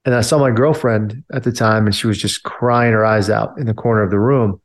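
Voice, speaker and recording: Man, army veteran, casual storytelling, lowish voice, loose filler-heavy talk. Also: fairly even intonation, fairly quick.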